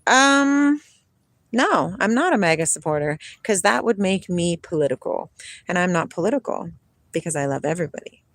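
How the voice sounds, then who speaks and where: A woman's voice: lowish voice, lively intonation, moderate pace, fairly bright tone, dry recording. A middle-aged woman hosting a casual livestream, chatting, laughing often and reading spiritual passages aloud, outdoors near water. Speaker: livestream host.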